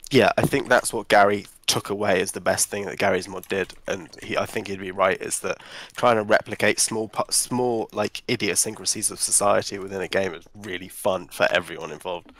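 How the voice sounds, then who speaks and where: A young man chatting on a stream, talking thoughtfully and at length with frequent pauses and ums. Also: on the low side, fairly even intonation, fairly bright tone. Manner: thoughtful, rambling, many ums. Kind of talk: casual chat.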